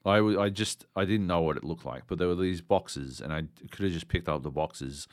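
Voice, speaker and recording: A man talks casually as a podcast co-host, rambling and swearing freely, with lots of "uh" and "like." His voice sits fairly low. The sound is dry and close, with no room around it. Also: a little fast, no echo. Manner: rambling, profane, with many fillers.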